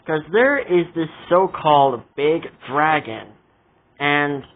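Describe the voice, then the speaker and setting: A man's voice: fairly high pitch, lively intonation, slow. A man in a casual vlog rant, exasperated and indignant as he complains about a show. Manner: exasperated, indignant ranting with repeated asides. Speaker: vlogger reviewing a show. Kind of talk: casual ranting commentary. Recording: tinny phone-like audio.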